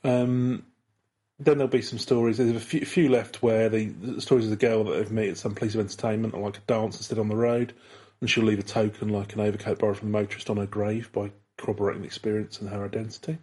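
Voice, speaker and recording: A man's voice: fairly low pitch, level tone, quick pace, dark tone, slightly rough. A British man co-hosting a casual podcast chat, rambling and chuckling as he tells ghost stories. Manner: rambling, many restarts and chuckles. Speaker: podcast co-host.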